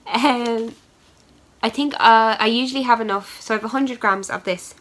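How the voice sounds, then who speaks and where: A woman's voice: fairly high pitch, moderate pace, fairly bright tone, rough recording. A woman hosting a knitting podcast, chatting casually and rambling with plenty of fillers as she shows yarn to the camera. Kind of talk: casual chat showing yarn.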